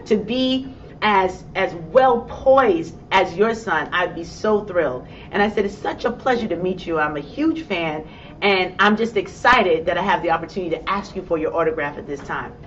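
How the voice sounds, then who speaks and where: A woman with a New York accent tells a motivational story from a stage and acts out her own excited reactions. She sounds set back from the microphone, and the recording is dull and muffled. A faint rumble hums underneath her voice. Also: moderate pace, far from the mic. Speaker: motivational speaker.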